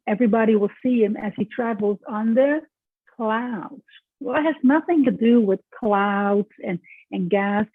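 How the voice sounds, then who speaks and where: A woman's voice: medium pitch, breathy edge, no room sound. A woman lecturing to students in a conversational way, with frequent restarts and check-ins. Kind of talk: recorded lecture. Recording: tinny, phone-like dry recording.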